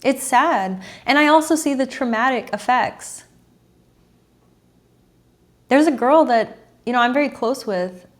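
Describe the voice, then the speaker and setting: A woman in her thirties speaks as a dating coach in a monologue to camera. Her voice sits a little high, and she talks earnestly, with sighs and repeated phrases. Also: expressive, a little slow, pauses often. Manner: earnest, repetitive, sighing and emotional.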